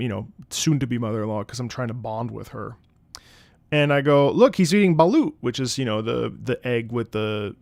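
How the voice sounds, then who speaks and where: Casual young male streamer, gravelly and close-miked, chatty storyteller over faint music. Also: mid-range voice, no room sound. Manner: rambling anecdotes with loud bursts of laughter. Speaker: streamer reacting to game music. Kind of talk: casual livestream chat. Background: game music playing.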